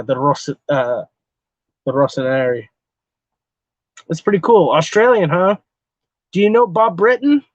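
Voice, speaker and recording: A man's voice: fairly high pitch, no room sound, muffled recording. A man from Texas chatting casually on a live stream, answering his chat in a loose, rambling way, swearing a lot and laughing often.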